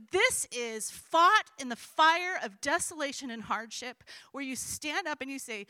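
Middle-aged lady teaching bible study, earnest and chatty, dry close mic, high voice. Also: lively intonation, brisk, hardly any pauses, sharp tone, no echo. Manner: earnest, emotional, conversational with fillers. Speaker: women's Bible study leader. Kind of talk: heartfelt teaching talk to a group.

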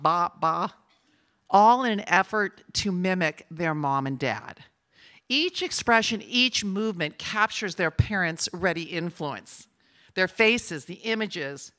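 A woman's voice: fairly low pitch, fairly bright tone. An older woman, a grandmother, speaking to a women's gathering in a chatty, personal sermon style that teases the audience now and then.

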